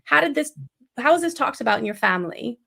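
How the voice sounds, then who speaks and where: A woman co-hosting a podcast, asking questions in a casual, halting way with many restarts. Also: high-pitched, animated, creaky, bright, forceful tone. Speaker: podcast co-host. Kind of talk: casual interview chat.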